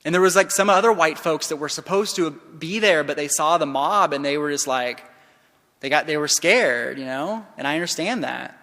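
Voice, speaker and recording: A man giving a conference keynote, telling a story with passion, dropping to a hush and then rising loud. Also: fairly high pitch, moderate pace. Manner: impassioned, shifts from hushed to loud. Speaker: keynote speaker. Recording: long hall reverb.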